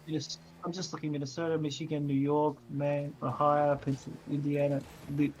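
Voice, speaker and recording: Young guy, co-host, jokey teasing banter, slightly high voice. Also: completely flat delivery, brisk, a little mellow, low-quality recording. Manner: joking, teasing. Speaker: podcast co-host. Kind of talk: casual chat.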